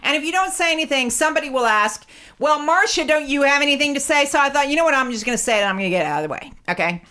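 Sharp-tongued woman ranting profanely. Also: sits high, animated, rapid-fire. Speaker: comedy guest telling a story. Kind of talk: ranting comedic monologue.

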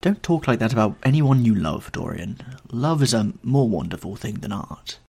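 A man doing a gentle, earnest painter. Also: lowish voice, expressive, normal speed, creaky, breathy edge, full character voice.

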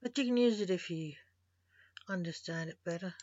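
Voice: medium pitch, normal speed, darkish tone, no echo, natural voice. A storyteller voicing a sarcastic, joking male reaper who is a father, on a dull lo-fi recording. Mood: dry.

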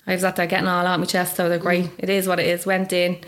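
Woman, young adult, Irish accent, very fast talker, chatty storyteller, acts out quotes. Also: fairly low pitch, completely flat delivery, a bit bright. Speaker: interview guest. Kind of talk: personal story told in conversation.

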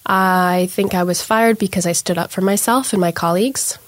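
A young woman with a slightly low voice recounts her experience to an interviewer in earnest detail. She acts out the lines that others said as she tells it. The sound is dry and close, with no room around it. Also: steady tone, moderate pace, no room sound. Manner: earnest storytelling, acts out quoted dialogue. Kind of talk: personal account in an interview.

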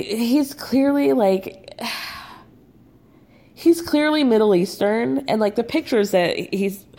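A woman's voice: fairly low pitch, dark tone. A young woman casually recapping a show, chatty and sarcastic, full of "like" and "um". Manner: chatty and sarcastic, with many fillers.

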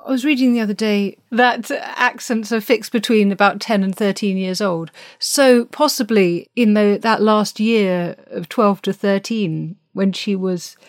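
Woman host, dry close mic, steady mid pitch, leads the talk. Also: no echo. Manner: measured, guides the conversation. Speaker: podcast host and historian. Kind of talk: podcast interview.

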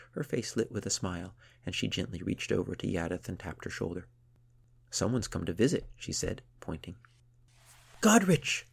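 Deep creaky male storyteller. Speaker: narrator. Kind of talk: storybook narration.

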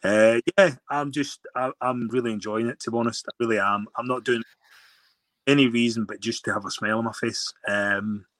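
Scottish male guest, rambling anecdotes, bright tone, dry sound. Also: mid-range voice, fairly even intonation, brisk, no echo. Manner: rambling storyteller with many restarts. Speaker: guest rugby player. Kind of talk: casual interview chat.

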